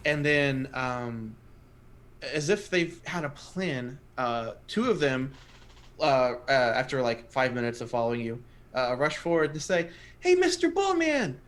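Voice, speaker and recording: A man's voice: medium pitch, unhurried, fairly bright tone. A man narrating a tabletop game as game master, rambling with many fillers. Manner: rambling, full of fillers and restarts.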